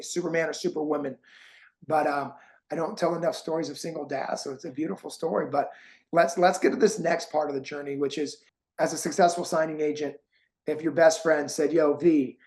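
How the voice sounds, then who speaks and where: A man's voice: fairly high pitch, a little mellow. A man hosting an interview, talking in a heartfelt, encouraging way and getting emotional. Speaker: host and course creator.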